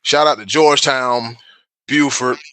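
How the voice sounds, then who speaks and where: A man's voice: medium pitch, measured pace, pushed and bright, clear, resonant tone, no room sound. A man with a South Carolina accent, co-hosting a podcast and telling stories in a laid-back, joking way. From South Carolina, USA. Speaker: podcast co-host. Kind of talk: casual chat.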